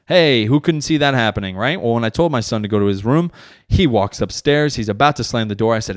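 A man hosting his own comedy podcast with a lowish voice. He rambles through a story about his kids, swearing freely and correcting himself as he goes. He keeps a casual, unscripted tone throughout. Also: animated, brisk. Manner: profane, rambling, self-correcting. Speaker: father.

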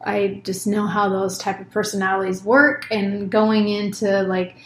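A woman's voice: mid-range voice, little pitch movement, measured pace, roomy sound. A woman in her thirties talking casually and openly as a co-host, swearing freely and acting out her own words. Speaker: podcast co-host, mother. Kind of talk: casual conversation.

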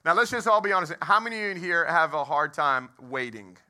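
Quick and animated, with a fairly high pitch and a bright, forceful tone, a pastor in his thirties from Texas tells a funny story during his sermon. He asks the crowd questions from the stage of a movie theater used as a church.

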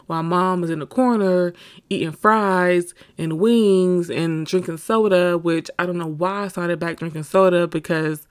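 A woman's voice: fairly low pitch, fairly even intonation, moderate pace. A woman hosting a podcast, talking candidly and casually about her own struggles, often laughing as she speaks to her listeners. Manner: candid, laughs through hard topics. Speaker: podcast host. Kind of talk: personal confessional monologue.

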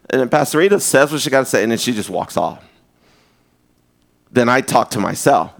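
A male pastor preaching a live sermon in a loose, conversational way, with humor and frequent restarts, dropping low and slow for emphasis and rising when he exhorts. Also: expressive, gravelly, fairly bright tone.

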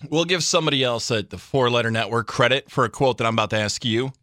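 A man co-hosting a sports radio show, talking in a playful, lively way as he quizzes his partner. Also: medium pitch, quick pace, no room sound, clean studio sound. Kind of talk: casual sports radio talk. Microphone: studio microphone.

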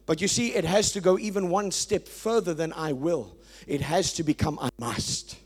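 A man preaching a sermon as pastor, emphatic and swinging between loud declarations and quiet asides. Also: high voice, normal speed, breathy edge.

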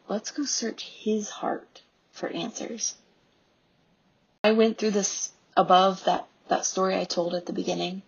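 A woman in her thirties, a homeschooling mom and podcast host, giving an earnest devotional talk with soft pauses. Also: mid-range voice, breathy edge, muffled recording.

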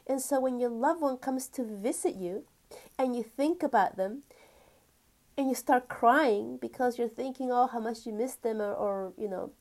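A woman giving a spiritual teaching talk, gentle and earnest, stretching key words and sometimes dropping to a whisper. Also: on the high side, unhurried. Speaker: spiritual teacher and energy healer.

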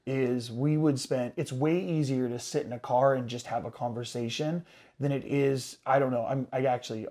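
Man, casual couple's chat, halting and searching, plain mid voice. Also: mid-range voice, steady tone, dark tone. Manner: halting, searching, many restarts.

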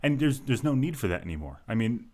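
A man's voice: medium pitch, very animated, fast talker, dark tone. A man chatting casually as a podcast co-host, laid-back and joking, swearing now and then. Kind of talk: casual chat.

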